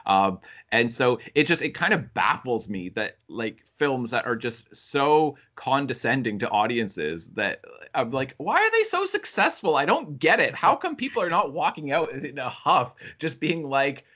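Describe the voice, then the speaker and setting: A man hosting a casual film review podcast, talking with animated energy and acting out quotes in high voices. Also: measured pace. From United States. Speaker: podcast host.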